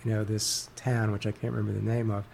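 A man being interviewed as an author guest, speaking haltingly with many fillers and restarts. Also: lowish voice, little pitch movement, vocal fry, a little mellow, slight background noise. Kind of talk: interview conversation.

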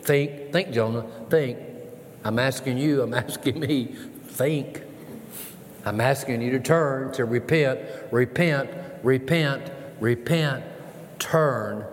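A man's voice: medium pitch, slight background noise. A man preaching an emotional sermon as a guest preacher, repeating words in a rising and falling emphatic cadence. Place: church sanctuary. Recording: long church reverb, faint ambience.

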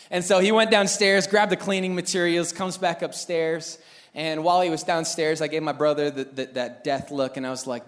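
Young male pastor, high voice, animated storyteller who acts out scenes. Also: a little fast. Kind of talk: sermon with storytelling.

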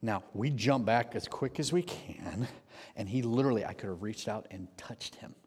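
A man preaching a sermon, telling a story with lively energy and acting out the quotes. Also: on the low side, moderate pace, slightly rough. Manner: animated storyteller, acts out shouted quotes. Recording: long hall reverb.

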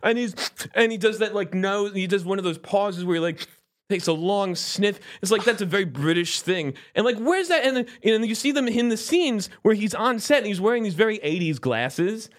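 Man, high voice, casual podcast chat, rambling, animated. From United States. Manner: rambling, animated, does quick voice impressions. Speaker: podcast co-host.

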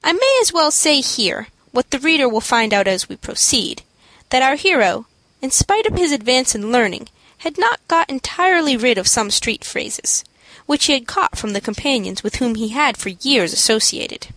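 A woman narrating an audiobook in a steady, clear storytelling manner. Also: high voice, normal speed, dry recording, poor audio.

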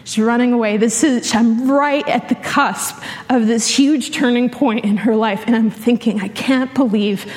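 A woman's voice: fairly high pitch, normal speed. A young adult woman preaching a sermon in a church, telling a personal story with laughs along the way. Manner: animated storytelling with frequent laughs. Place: church hall. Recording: long hall reverb.

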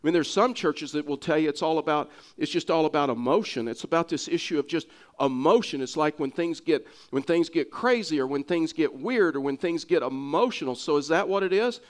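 Texas preacher with a raised pitch. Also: male voice, lively intonation, a little fast. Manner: earnest, repeats and restarts words for emphasis. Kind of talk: sermon.

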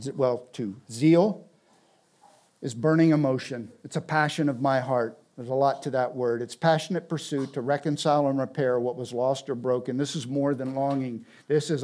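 A man preaching a sermon in an earnest, emphatic way, building on repeated phrases and dropping to a soft, intense tone. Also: medium pitch, steady tone, moderate pace.

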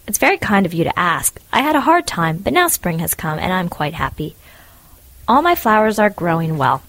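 A woman's voice: fairly low pitch, sing-song, moderate pace, a bit bright, no room sound, heavily acted. A woman voicing a kind, cheerful and forgiving little man in a storybook reading, speaking in an eager, polite and humble way.

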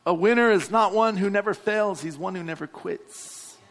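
Man, pastor, high-pitched, fervent sermon, calls to the congregation. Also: moderate pace, fairly bright tone.

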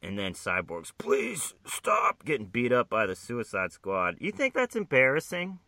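A man's voice: on the low side, big pitch swings, normal speed, sharp tone, no room sound, studio quality. A man reading a comic book aloud with a friend, in a profane, rambling, jokey casual chat.

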